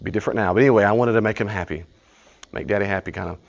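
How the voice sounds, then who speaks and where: A man's voice: fairly low pitch, racing, gravelly, highs cut off. A man leading a live study group. He teaches informally, tells stories, acts out conversations and laughs often.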